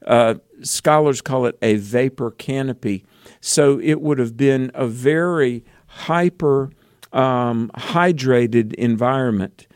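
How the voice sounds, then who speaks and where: A man's voice: mid-range voice, slow, darkish tone, dry recording, studio quality. A man co-hosting a Christian call-in radio show, explaining in an earnest way with frequent fillers.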